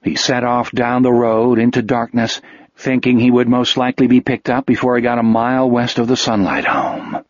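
A man reading a novel aloud as narrator, in a measured, steady storytelling manner. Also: mid-range voice, dry recording. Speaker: audiobook narrator. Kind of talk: scripted narration. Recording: dull, dry lo-fi audio.

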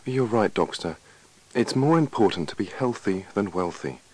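A man's voice: fairly low pitch, animated, moderate pace, darkish tone, husky, dry recording, rough recording. A man reading the part of an anxious, overworked patient in a scripted lesson dialogue, in a plaintive, pleading way. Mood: worried.

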